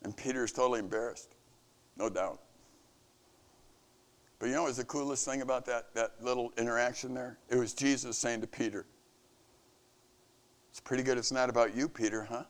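A man's voice: fairly even intonation, brisk, pauses often. A man giving an earnest devotional message to camp staff, preaching with rising and falling emphasis. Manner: earnest, preaching, rises and falls in pitch. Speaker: camp leader.

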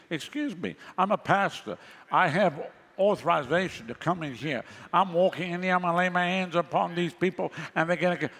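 A man's voice: a little high, a little fast, fairly bright tone, big-room sound. A male pastor preaching a sermon in a conversational way, with sarcastic asides.

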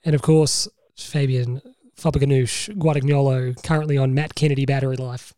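A man's voice: mid-range voice, steady tone, moderate pace, mellow, no echo. An Australian man hosting a podcast over a video call, talking casually and animatedly, laughing often and swearing now and then. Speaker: podcast host. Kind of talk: casual chat.

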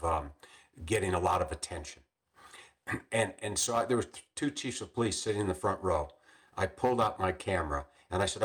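An older man, a retired police captain, telling stories in a podcast interview with many restarts and frequent throat clearing. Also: deep voice.

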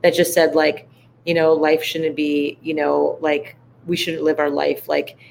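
Vocal-fry woman sharing reflectively. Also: sits low, little pitch movement, measured pace, darkish tone, a little hiss or hum. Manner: reflective, heartfelt, heavy use of "like". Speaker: podcast guest. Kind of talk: casual conversation.

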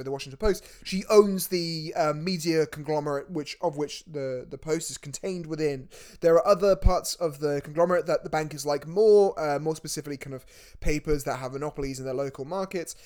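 A man co-hosting a film podcast talks in a rambling, excitable way, often stopping to restart his sentences. His voice sits a little on the high side for a man. The talk is loose, casual chat about a movie. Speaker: podcast co-host.

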